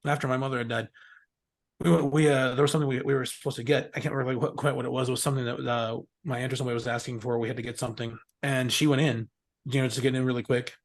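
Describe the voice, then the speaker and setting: A middle-aged man races through casual stories in a medium-pitched voice with a level tone. He's being interviewed as a guest, rambles freely, swears a lot, and laughs often.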